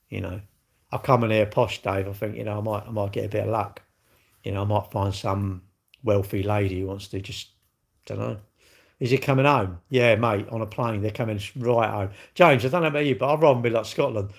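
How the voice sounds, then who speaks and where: Middle-aged English man, live-stream host; low, gravelly, rambling and cheeky. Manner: rambling, cheeky, jokey banter with chat. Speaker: livestream host. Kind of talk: casual live-stream chat.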